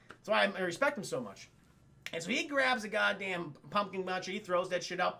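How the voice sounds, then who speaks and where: Profane, gravelly guy streaming a review. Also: high voice, a little fast, soft background music. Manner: profane, energetic, addresses chat. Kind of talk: casual livestream commentary.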